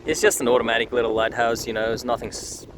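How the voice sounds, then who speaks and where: A man, filming a relaxed travel vlog outdoors on a beach with a handheld phone, chatting and swearing mildly. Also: medium pitch, fast. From Uzbekistan. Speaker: vlogger touring with his father. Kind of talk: casual travel vlog narration. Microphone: handheld phone camera. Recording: noisy outdoor phone recording.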